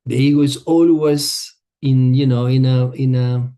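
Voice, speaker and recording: Man, middle-aged, yoga teacher, mellow dark tone, English, relaxed, hesitant phrasing. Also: mid-range voice, unhurried. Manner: relaxed, searching for words, non-native phrasing. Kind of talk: teaching a group, telling a personal story.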